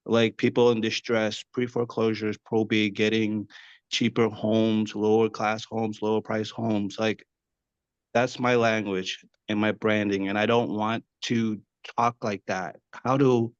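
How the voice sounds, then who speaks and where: A man's voice: fairly low pitch, no room sound. A man asking an earnest, rambling question over a video call. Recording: dull lo-fi video call audio.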